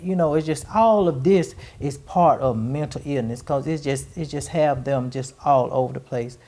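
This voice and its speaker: A middle-aged woman with a creaky, gravelly voice hosts a podcast conversation. She tells a personal family story in a rambling, searching way, often circling back before landing on the word she wants. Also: rumbling low, moderate pace, hardly any pauses, dark tone. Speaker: podcast host.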